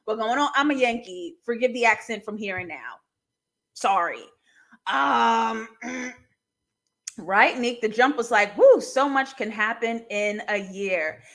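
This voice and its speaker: A young woman hosting a casual live stream, chatting with viewers and reading their comments in an animated way that breaks often into laughter. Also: high-pitched. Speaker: live-stream host reviewing a TV series.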